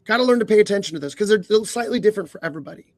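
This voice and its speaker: An earnest man coaches listeners on a podcast, with a high voice. He often clears his throat and strings rhetorical questions together. The sound is dry and close to the mic. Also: expressive, racing, a little mellow, dry recording. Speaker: leadership coach, podcast co-host.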